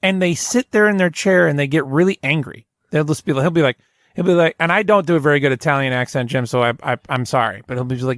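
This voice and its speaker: A man's voice: fairly high pitch, fast, no echo, clean studio sound. A man hosting a comedy podcast in casual chat, rambling and restarting as he tells stories. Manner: rambling, self-interrupting storyteller. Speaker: podcast host.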